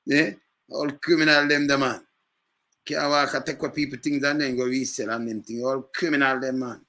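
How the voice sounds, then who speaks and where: A man with a Jamaican accent in casual, emphatic street commentary. He repeats himself and bursts into loud outbursts. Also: mid-range voice, little pitch movement, normal speed.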